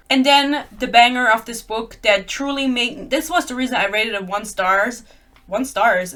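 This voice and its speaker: A woman's voice: a little high, moderate pace, fairly bright tone. A young woman in a casual book-review vlog, sarcastic and laughing as she reads passages aloud and pokes fun at them.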